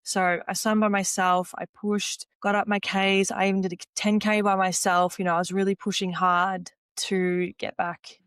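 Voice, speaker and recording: A mid-range, clean-toned female voice moves at a moderate pace with hardly any pauses in a dry recording. The young woman, a podcast guest who used to swim, casually retells conversations by quoting herself and others, heavy on "like" and "you know."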